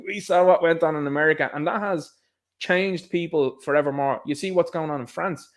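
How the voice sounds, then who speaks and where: Irish male commentator, higher-pitched, sarcastic and lively, casual solo rant. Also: brisk. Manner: animated, sarcastic, laughs at his own jokes. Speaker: political commentator. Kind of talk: casual political monologue.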